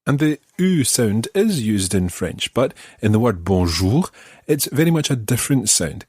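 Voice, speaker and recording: A Scottish man teaching a podcast language lesson, patiently modelling each word slowly and carefully. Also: medium pitch, sing-song, darkish tone, breathy edge, dry recording, studio quality. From Scotland.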